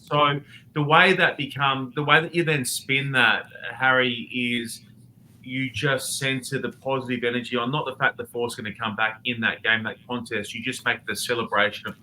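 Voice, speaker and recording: A man's voice: mid-range voice, moderate pace, slight background noise, poor audio. A man, a rugby commentator guesting on a podcast, talking bluntly and animatedly over a remote call. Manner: animated, blunt, swears casually. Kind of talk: casual podcast chat.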